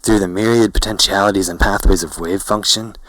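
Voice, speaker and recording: Guy voicing a stoned young buddy yelling giddy nonsense, low flat voice, dry close sound. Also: fairly quick, rough recording. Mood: manic. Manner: shouting, giddy. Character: young man, excitable stoned friend.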